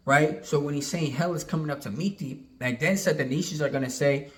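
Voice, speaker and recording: A man leading an informal Bible study, reading old-style verses slowly and then explaining them in loose, conversational talk. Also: on the high side. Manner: reads King James verses slowly, then explains in casual talk with frequent "right?". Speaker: Bible teacher.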